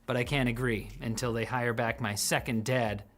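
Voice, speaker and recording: A man's voice: medium pitch, steady tone, moderate pace, fairly bright tone. A man hosting a scripted tech news show, delivering the news with sarcastic jokes.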